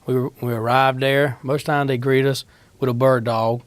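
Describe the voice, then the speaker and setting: A man's voice: medium pitch, little pitch movement, normal speed, no echo. Guy talking about his crew work, plain and practical, dry close sound. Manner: plain-spoken, practical, matter-of-fact. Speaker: city utility line crew worker. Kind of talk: casual interview answers.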